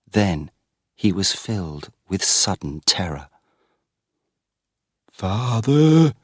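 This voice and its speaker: Slow, deep-voiced male storyteller. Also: animated, a bit bright, no echo, clean studio sound. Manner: slow and clear for learners. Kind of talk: graded-reader story narration.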